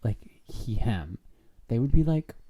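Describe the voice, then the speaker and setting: A woman co-hosting a podcast in a casual chat, animated and chatty, filling her talk with ums and likes. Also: extremely low pitch, normal speed. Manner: animated, chatty, with many fillers. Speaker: podcast co-host.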